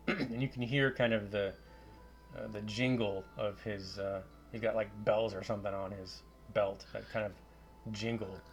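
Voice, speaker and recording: Brief: male game master, lowish voice, halting narration, soft music bed. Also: fairly even intonation. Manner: halting, many fillers and restarts.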